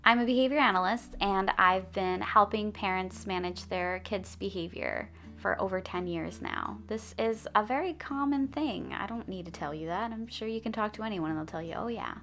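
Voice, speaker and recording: A woman's voice: mid-range voice, normal speed, few pauses, a bit bright, faint music behind. A woman in her thirties, a behavior analyst, giving parenting advice to camera in a friendly, chatty way. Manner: friendly, chatty, laughs between points. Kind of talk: direct-to-camera parenting tips.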